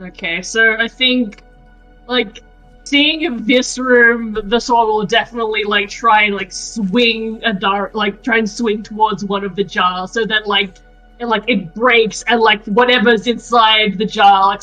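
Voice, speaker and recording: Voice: medium pitch, fairly even intonation, a little slow, bright, forceful tone, faint music behind, rough recording. A player in a tabletop game, talking casually and hesitantly with many fillers.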